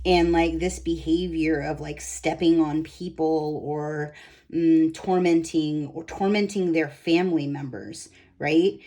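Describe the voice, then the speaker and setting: A woman leading a guided energy healing session, gently instructing a client and meandering with many ums and likes. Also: low-pitched, fairly even intonation, takes it slowly, poor audio. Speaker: spiritual energy healer.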